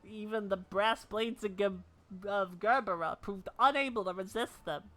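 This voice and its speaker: A woman voicing a nervous, worried male cook's assistant in a video game, speaking lower and softer than her own voice. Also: moderate pace, close to an everyday voice. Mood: fretful.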